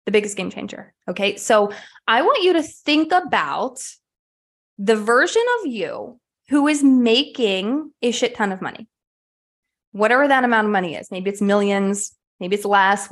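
Sweaty and slightly out of breath, this podcast host speaks in a medium-pitched, fairly bright voice. She delivers a motivational monologue at home, puppy nearby, coaching her listeners with frank energy and some offhand cursing.

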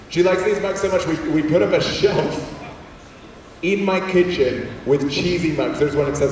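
A slightly high-voiced man tells funny, self-deprecating stories to a crowd and slips into character voices for the quotes. He sounds far from the mic, with long reverb filling a large hall. A faint room hum sits behind him. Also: moderate pace, darkish tone. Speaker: comedian and former teacher giving a talk. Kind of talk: humorous storytelling talk to an audience. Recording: echoey hall heard from far off.

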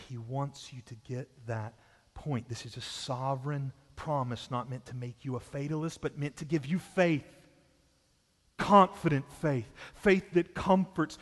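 A man with a Southern US accent preaching a sermon as pastor, emphatic and shifting between hushed and loud passages. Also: medium pitch, steady tone, a little slow. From Southern United States. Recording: long hall reverb.

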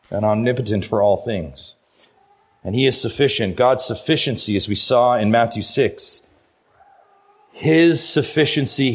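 A middle-aged man preaching a sermon as pastor, emphatic, his voice swinging between quiet low passages and loud high ones. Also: slightly rough. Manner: emphatic preaching, rises and falls in pitch and loudness.

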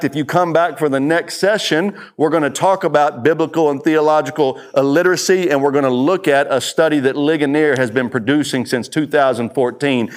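A middle-aged man giving a conference talk, telling stories and repeating key lines for emphasis. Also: medium pitch. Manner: storytelling, emphatic repetition. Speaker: speaker. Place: conference room.

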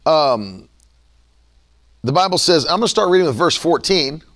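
A high-pitched male preacher with a gravelly, creaky edge delivers a sermon. His pitch swings widely as he preaches, and now and then he acts out the people he quotes. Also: lively intonation, moderate pace, fairly bright tone.

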